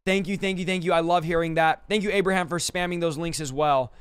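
A man hosting a livestream, quickly thanking donors and stumbling over names, a little out of breath. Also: on the high side, fairly even intonation, a bit bright, clean tone, dry recording. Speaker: livestream host.

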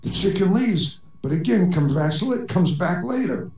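A man's voice: high-pitched, expressive, moderate pace, echoey room, recorded from a distance, music in the background, rough recording. A man telling corny jokes in a voice chat comedy set, with dry delivery as a robot persona. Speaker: stand-up comedian.

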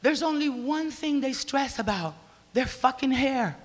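A woman from the Republic, doing a crude, loud stand-up comedy set and shouting her punchlines. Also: sits high, expressive, unhurried, noisy background. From Dominican Republic. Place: comedy stage before an audience. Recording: reverberant live venue, faint ambience.

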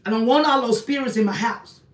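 A woman's voice: a little high, a little fast, recorded from a distance. Emphatic woman preaching at home. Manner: emphatic and repetitive, preaching to viewers. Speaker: online ministry host. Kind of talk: casual livestream talk to viewers. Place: small home apartment, indoors. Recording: echoey room, voice off-mic.

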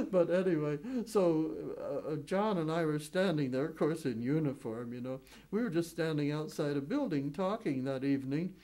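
A woman in her nineties telling wartime stories in an oral history interview, chuckling often and wandering through restarts and fillers. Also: low-pitched. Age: 90s. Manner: chuckles often while telling lively anecdotes; rambling with frequent restarts and fillers. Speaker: WWII veteran interviewee.

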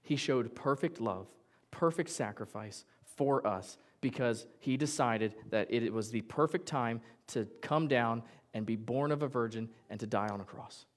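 A man preaching a sermon from the pulpit in a mid-pitched voice. He keeps it conversational and jokey and often acts out little quotes as he goes. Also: measured pace. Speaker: pastor. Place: church sanctuary.

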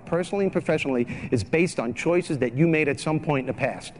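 A man with a New York accent gives a motivational keynote. He speaks with punchy emphasis in a fairly high voice, hammering key phrases again and again. The voice echoes through a large hall with faint room noise. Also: quick pace.

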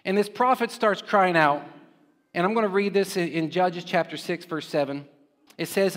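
A man delivers a sermon in a notably high voice, talking it through conversationally and checking in with rhetorical questions. His words ring out with a long reverb, as in a church sanctuary. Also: moderate pace, fairly bright tone. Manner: conversational, with frequent rhetorical "right?" check-ins. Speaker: preacher.

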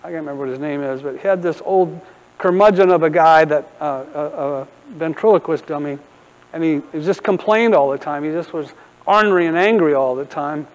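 A middle-aged man preaching a sermon with humorous storytelling and animated asides, speaking as pastor of a church. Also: fairly high pitch, a little fast, long reverb tail, highs cut off. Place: church sanctuary.

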